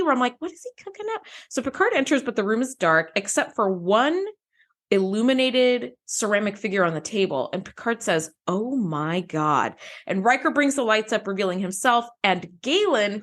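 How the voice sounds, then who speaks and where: A woman co-hosting a casual podcast, recapping an episode in an animated way, laughing often and acting out characters' lines. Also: medium pitch, normal speed. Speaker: podcast co-host.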